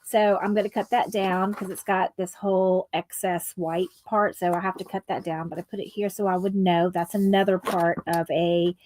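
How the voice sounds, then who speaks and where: A woman's voice: fairly low pitch, little pitch movement, moderate pace, few pauses, darkish tone, a little hiss or hum. A woman chatting casually on a craft livestream, rambling with lots of ums and asides to her viewers.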